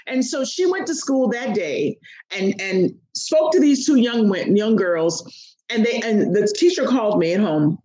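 A woman coach, a podcast guest, telling a story expressively and acting out the quotes. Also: a little slow. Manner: expressive, acts out quotes with big pitch swings. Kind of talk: animated storytelling in an interview. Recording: roomy echo.

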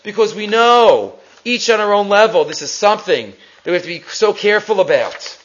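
A man teaching a Torah class, reading Hebrew texts aloud and retelling stories with animated quotes. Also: high-pitched, fairly quick, highs cut off.

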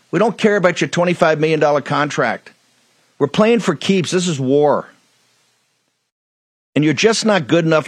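A man's voice: on the high side, no room sound. A male talk show host giving heated political commentary, blunt and combative, repeating his points.

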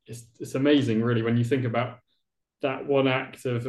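A man of middle pitch talks with eager enthusiasm, stringing his thoughts into long, run-on sentences. His voice carries a clear echo from the room around him. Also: steady tone, normal speed, darkish tone. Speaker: podcast host. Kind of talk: casual conversation. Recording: roomy echo.

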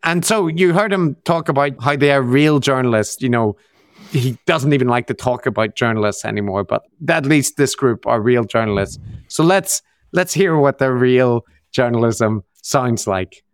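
Smooth-voiced man critiquing clips. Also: mid-range voice, moderate pace, dry recording, studio quality. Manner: animated, exasperated critique with restarts. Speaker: podcast co-host. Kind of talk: casual commentary.

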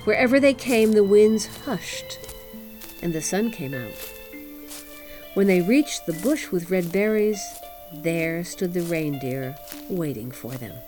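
A woman reads a fairy tale aloud slowly and expressively. Her voice rises and falls in a lively way, and soft music plays underneath. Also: lowish voice. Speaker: storyteller. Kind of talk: storybook reading.

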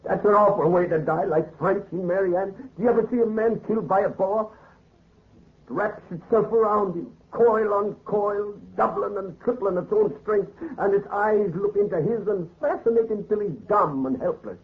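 A gruff, slangy adventurer who is jittery and haunted by fear, his voice a little high and strained. It comes through thin and tinny, like a vintage radio play. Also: normal speed. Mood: fearful, feverish. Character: haunted rough adventurer, terrified of a curse. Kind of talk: 1930s radio drama acting. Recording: tinny old radio recording.

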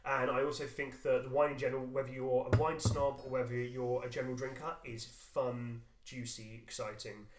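A man's voice: medium pitch, little pitch movement, normal speed, hardly any pauses. A man co-hosting a wine-tasting podcast and sharing blunt, opinionated views on wines. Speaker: podcast co-host, wine seller. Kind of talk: casual wine-tasting chat. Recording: echoey room.

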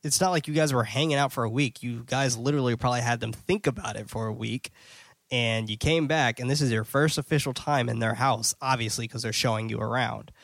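A man's voice: medium pitch, brisk, vocal fry, a bit bright, no echo, clean studio sound. Casual cursing man recapping a movie. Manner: recaps plot loosely, cursing, mimics characters. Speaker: podcast host.

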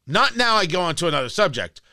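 A man's voice: high voice, very animated, fast, bright, forceful tone, no echo. A man hosting a political talk show, ranting in a combative, scornful opinion monologue.

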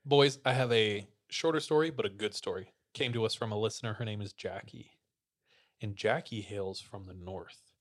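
A man hosting a podcast, casually retelling a listener's ghost story to his co-hosts in a relaxed, slangy way. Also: lowish voice, normal speed. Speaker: podcast host.

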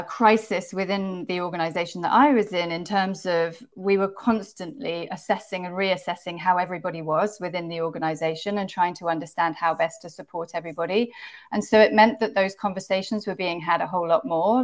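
Woman on a panel, lowish voice, thinks out loud, slow careful restarts. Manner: measured and reflective, with restarts. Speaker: panel guest. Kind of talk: panel discussion.

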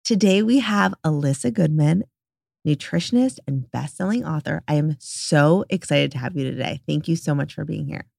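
A woman's voice: low-pitched, normal speed, vocal fry, no room sound, soft background music. A woman hosting a wellness interview podcast, chatty and enthusiastic, often saying "like". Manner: warm, enthusiastic, says "like" often. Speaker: podcast host. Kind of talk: casual interview chat.

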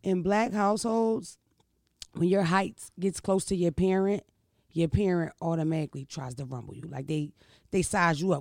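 Gravelly thirtysomething woman vlogging, swears a lot, keeps going "you know what i mean". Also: fairly low pitch, moderate pace, darkish tone, dry recording, studio quality. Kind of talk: casual storytelling chat.

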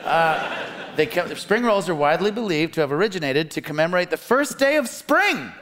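A man's voice: on the high side, very animated, a little fast, fairly bright tone. Punning male comedy show host. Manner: playful, punning, quizmaster. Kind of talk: live comedy hosting with puns. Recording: live audience, noisy stage. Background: audience laughter.

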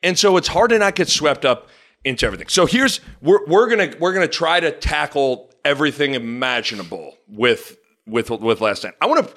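A man hosting a sports podcast, talking in an animated, rambling way and often cutting himself off. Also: mid-range voice. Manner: animated, rambling, self-interrupting. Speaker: podcast host. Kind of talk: casual sports talk.

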